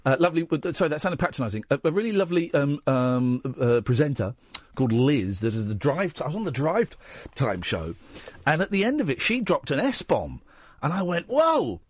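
A man's voice: mid-range voice, sing-song, brisk, dry recording, clean studio sound. A man hosting a late-night radio talk show, joking and rambling with many restarts. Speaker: radio host. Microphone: studio microphone.

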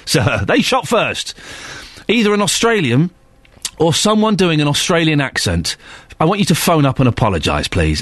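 A man's voice: on the high side, fairly bright tone, dry recording. A man hosting a radio show, joking and mock-indignant in a playful studio patter. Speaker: radio host. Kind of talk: jokey radio banter. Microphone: studio microphone.

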